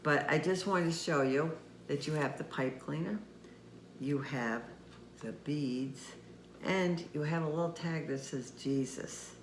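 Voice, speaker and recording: Gentle man leading a kids' craft. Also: fairly high pitch, a little slow. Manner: gentle, patient, speaks directly to children. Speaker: children's ministry teacher. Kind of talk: craft demonstration for kids. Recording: echoey room with faint noise.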